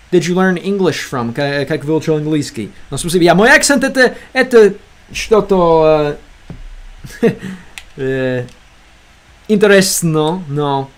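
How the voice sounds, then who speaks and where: A man with a somewhat high voice hosts a relaxed livestream and talks straight to his chat. He speaks with a lot of ums and uhs, pausing as he hunts for words. Now and then he slips from English into learner Russian. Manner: halting, fills gaps with many ums and uhs. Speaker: livestream host reading chat.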